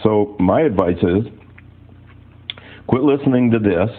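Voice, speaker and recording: Older male artist, low husky storyteller, tinny narrow recording. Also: animated, a little slow. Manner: rambling anecdotal storyteller. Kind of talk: personal storytelling talk. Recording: tinny phone-like audio.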